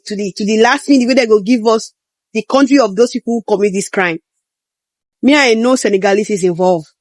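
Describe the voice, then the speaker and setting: A man's voice: high voice, no room sound. A man giving casual news commentary, emphatic and repetitive, chuckling between points.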